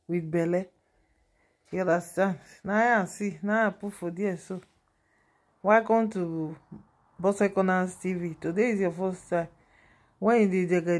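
Chatty woman with a Nigerian Pidgin accent. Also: lowish voice. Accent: Nigerian Pidgin English. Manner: chatty, animated, laughs at the gossip. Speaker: vlogger. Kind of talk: casual gossip vlog.

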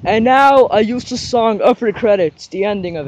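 A man voicing every character in a homemade skit, swinging between excited yelling and low mumbling. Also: moderate pace, hardly any pauses, dull audio, background noise. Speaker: video maker voicing all characters.

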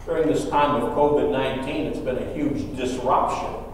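A man's voice: mid-range voice, steady tone, normal speed, a little hiss or hum. A man preaching a sermon in a church, emphatic and repeating his key phrases. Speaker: pastor. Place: church sanctuary. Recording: echoey church hall from far off.

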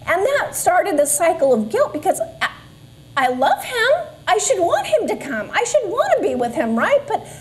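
In a church classroom with slight background noise, a Sunday school speaker tells a church group about her personal faith journey. She is in her forties, from Southern California, and speaks in a high voice, earnest yet self-deprecating at times.

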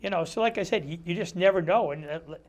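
A fast-talking guest with a high, somewhat mellow voice, this metal detectorist from Connecticut swaps stories during a laid-back community TV studio interview. He acts out what people said and peppers his chatter with fillers like "you know."

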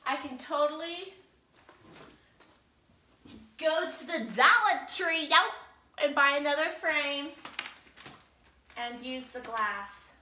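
A woman's voice: high voice, slow pace, long pauses, bright, forceful tone, roomy sound, a little hiss or hum. A woman vlogger opening fan mail in casual chat, gushing and emotional, close to tears.

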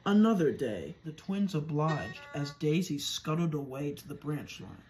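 A narrator reading a fan-made storybook tale in a measured, steady way. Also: medium pitch, faint music behind, poor audio.

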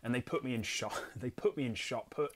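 A young English board game channel host speaks briskly at medium pitch. He's giving casual solo gameplay commentary, reading rules aloud and talking about his own play in a self-deprecating way.

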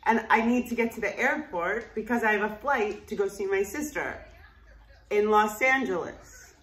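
A woman telling a personal story in a blunt, profane and animated way. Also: medium pitch, normal speed. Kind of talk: casual spoken memoir. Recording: roomy echo, distant mic.

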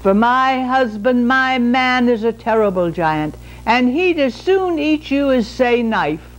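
A woman's voice: on the high side, expressive, takes it slowly, soft background music. Woman playing a giant's wife, anxious, pleading, storybook telling. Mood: warning. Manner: warning, pleading.

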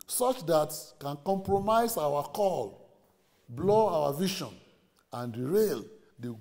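A man's voice: fairly high pitch, gravelly, darkish tone. A middle-aged man from Nigeria, giving an earnest, pleading conference address as a seminary leader and listing his points one by one. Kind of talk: formal conference speech.

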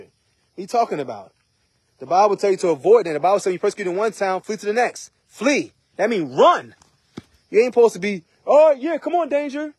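A man's voice: high-pitched, a little mellow, husky, no echo. A man preaching an informal sermon in a conversational way, often asking "right?" and "you know". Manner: conversational, repeats rhetorical questions.

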